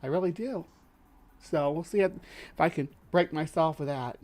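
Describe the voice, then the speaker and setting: Male stream host from the lower Midwest, voice on the higher side; casual, rambling commentary full of fillers and restarts. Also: moderate pace, darkish tone, faint music behind. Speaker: livestream host.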